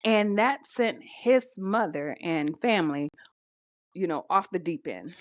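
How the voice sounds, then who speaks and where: Lower-voiced woman telling a story animatedly. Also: measured pace, no room sound. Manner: animated storytelling with laughs and fillers. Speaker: podcast co-host. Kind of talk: casual chat. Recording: dull lo-fi sound.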